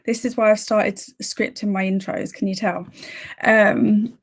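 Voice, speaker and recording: Slow-talking woman hosting a stream. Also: mid-range voice, fairly even intonation, creaky. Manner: chatty, greets viewers by name, self-deprecating. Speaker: livestream host. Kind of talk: casual livestream chat.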